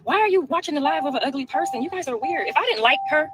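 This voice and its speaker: A woman riding in a car, speaking into a phone livestream with calm, preachy advice for her viewers. She keeps a quick pace and laughs easily. A clear layer of noise sits under her voice. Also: high-pitched. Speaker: livestream co-host. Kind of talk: casual livestream chat. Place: inside a car. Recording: noisy phone stream.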